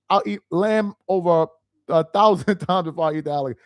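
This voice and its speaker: Reading his chat aloud, a live stream host talks fast in a fairly high voice with wide pitch swings, animated and chatty. He keeps coming back to the same point and laughs readily. The recording is dry and close, lacking any room echo.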